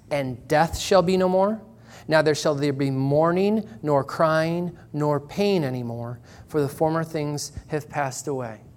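Earnest man preaching a sermon. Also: on the high side. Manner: earnest, measured preaching with slow emphatic pauses. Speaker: pastor. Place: church.

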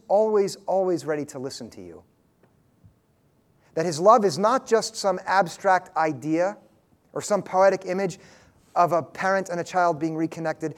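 A man's voice: sits high, darkish tone. A man preaching a sermon as pastor, speaking earnestly and directly, often asking his listeners questions.

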